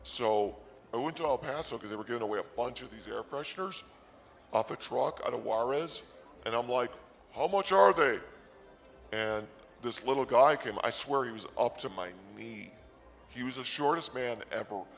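A man doing a rambling, absurd comic story on the radio, excitable at times. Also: medium pitch, moderate pace, vocal fry, in a large hall.

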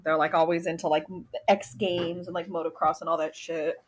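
A woman's voice: lowish voice, flat delivery, brisk. A woman from Northern California chatting casually, filling her talk with "like" and laughing. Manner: chatty, heavy use of "like", laughs often. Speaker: podcast co-host. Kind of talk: casual chat.

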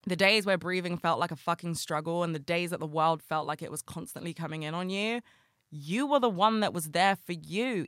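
A woman's voice: on the low side, a bit bright, no room sound, clean studio sound. A woman hosting a solo podcast, talking candidly and emotionally, swearing often. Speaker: podcast host.

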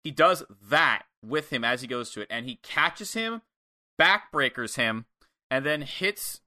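Male podcast co-host, bright and sharp tone, animated casual recapper. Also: medium pitch, unhurried. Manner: animated recapping, swearing, acting out quotes. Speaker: podcast co-host reviewing wrestling matches. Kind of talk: casual chat.

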